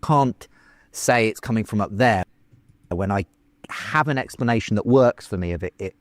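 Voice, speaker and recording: A man in a debate discussion, speaking haltingly and searching for his words. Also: on the low side, no echo.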